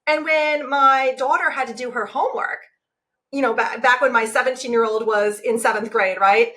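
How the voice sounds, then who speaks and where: A woman in her forties talking casually about parenting as a guest, animated and acting out the voices she uses. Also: on the high side, normal speed. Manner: animated, acts out her own inner voice. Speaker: guest, self-compassion teacher. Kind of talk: casual podcast conversation.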